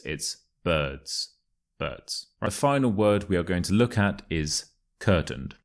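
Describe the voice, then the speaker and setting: A young man with a polished Modern RP English accent leads a pronunciation lesson. His voice sits very low and deep. He reads passages slowly and deliberately, then slips into a casual, chatty tone to explain the sounds. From England. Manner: clear, deliberate reading, casual asides. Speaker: accent teacher.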